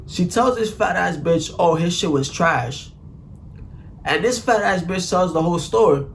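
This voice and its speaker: A young man telling a profane, animated story in a casual vlog, full of "like" and "bro.". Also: sits high, measured pace, gravelly, a little hiss or hum. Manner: animated, profane, slang-heavy, constant "like" and "bro".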